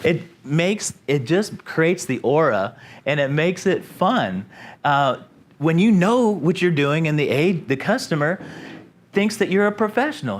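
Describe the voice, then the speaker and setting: Upbeat sales-trainer man, a bit high-voiced, acts out customers, quizzes the room. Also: unhurried. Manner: animated, acts out customers in a raised voice; asks the room questions. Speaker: company president giving a sales training talk. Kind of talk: informal sales training presentation.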